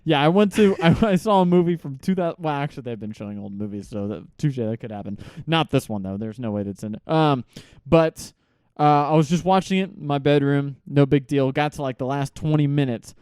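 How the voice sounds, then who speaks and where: A man's voice: mid-range voice, expressive, fairly quick, a little mellow, clear, resonant tone, no room sound, studio quality. A young man co-hosting a casual movie podcast, telling stories animatedly and laughing often. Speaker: podcast co-host. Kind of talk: casual chat.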